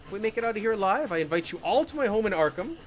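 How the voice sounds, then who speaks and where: A man's voice: high voice, very animated, rapid-fire, a crowd in the background, pitched above the performer's own voice. A man voicing Mister Hurst, a weary older scholar who stammers and insists on ancient texts. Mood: insistent. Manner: stammering, earnest, growing sleepy.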